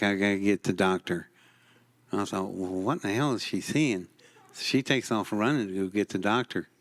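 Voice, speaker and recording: A man with a drawl tells his stories in an unhurried, folksy way. His voice sits on the low side, and his delivery is slow and wry. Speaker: expo speaker. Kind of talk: storytelling on stage.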